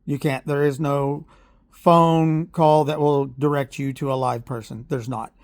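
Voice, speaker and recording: A man's voice: a little high, fairly even intonation, a little slow, darkish tone, no echo, clean studio sound. A man from Oklahoma, telling a heated, blunt story in a vlog rant with sarcastic asides. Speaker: parent vlogger. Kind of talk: ranting vlog monologue.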